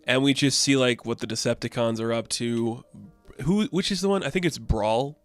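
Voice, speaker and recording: Male reviewer, casual and rambling, mid-pitched, with faint music behind. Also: moderate pace, no echo. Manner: rambling, many "like" fillers. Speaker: comic book reviewer.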